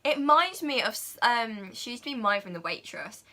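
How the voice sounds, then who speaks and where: Gushing young woman, bright voice. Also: fairly high pitch, normal speed, soft background music. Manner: gushing, excitable, full of "like" and "oh my God". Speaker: vlogger reviewing a film. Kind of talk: casual chat.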